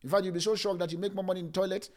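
A middle-aged man preaching a sermon, repeating phrases and switching between loud bursts and hushed lines. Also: sits high, steady tone, racing. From Nigeria. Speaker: pastor.

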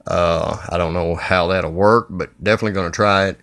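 A man with a Southern Kentucky accent, and his voice sits low and deep. He rambles through a solo podcast in a blunt, folksy way, with plenty of uhs and jokey asides. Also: steady tone, a little fast, creaky, fairly bright tone, no room sound, studio quality. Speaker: podcast host. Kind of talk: casual solo podcast monologue.

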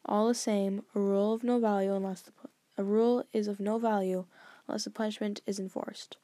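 A woman voicing a stern, formal old grandfather who speaks in a measured, grave, lecturing way, a bit lower and quieter than her narration. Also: little pitch movement, no echo, natural voice.

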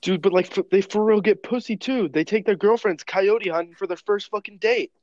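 A man's voice: sits high, fairly quick, darkish tone, no room sound, highs cut off. Slangy young man, rambling. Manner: rambling storyteller, heavy slang and swearing. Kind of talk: casual chat.

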